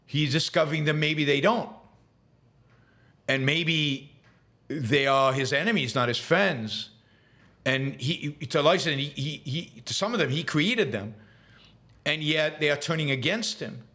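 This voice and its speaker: A man with a slightly high, sharp voice hosts a live show, speaking unhurriedly and pausing often as he answers viewer questions. His opinionated commentary is full of fillers and repeated words, emphatic and heated at times, hesitant when he reflects.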